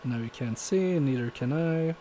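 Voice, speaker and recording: A man's voice: medium pitch, moderate pace, mellow, slight background noise. A man from Poland, talking through a fiddly repair on a livestream with self-deprecating asides. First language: Polish. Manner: muttering asides while working, self-deprecating. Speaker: repair streamer. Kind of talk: live repair commentary.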